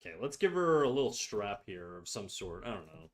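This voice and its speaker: A man's voice: on the low side, sing-song, a little fast. A man streaming live, chatting casually and teasingly with his viewers, rambling and filling his speech with "like". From Canada. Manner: teasing, rambling, heavy use of "like". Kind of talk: casual livestream chat. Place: home streaming setup.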